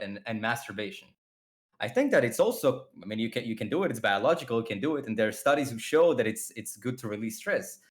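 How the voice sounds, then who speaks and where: Man, podcast guest, emphatic, animated debater, mid-pitched voice. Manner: emphatic, animated, acts out quotes. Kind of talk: casual debate.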